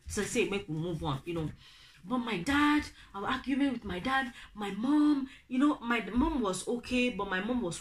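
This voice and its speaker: A young Nigerian woman with a Nigerian accent, telling a family story to her viewers, animated and acting out the people she quotes. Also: fairly high pitch, normal speed, slight background noise. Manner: animated, acts out quoted family members in raised voices. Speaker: vlogger. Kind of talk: casual storytelling to camera.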